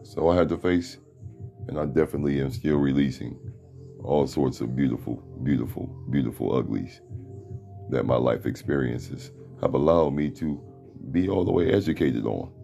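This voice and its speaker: A middle-aged man hosting a podcast with a deep voice, giving a blunt, profane, preachy motivational talk from a room at home. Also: moderate pace, creaky, mellow, faint music behind. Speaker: podcast host. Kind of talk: motivational monologue.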